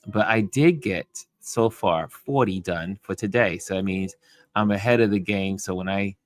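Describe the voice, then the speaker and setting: Middle-aged man, low voice, dry close sound, easygoing rambling livestream host. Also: no room sound. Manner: easygoing and rambling, often laughing softly. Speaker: livestream host reading chat. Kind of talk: casual livestream chat. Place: at home.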